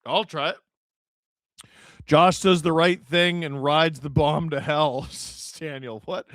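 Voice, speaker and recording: A man, hosting a live hockey watch-along, calling the play and reading chat with jokes and shouts at big moments. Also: a little high, slow pace, dry recording, studio quality. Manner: excitable, shouts at big plays, jokey.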